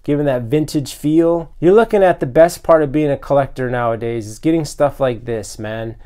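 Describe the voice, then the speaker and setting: A man hosting a toy collecting vlog, unboxing custom figures with loud, gushing excitement and frequent exclamations. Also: on the high side. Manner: breathless from excitement.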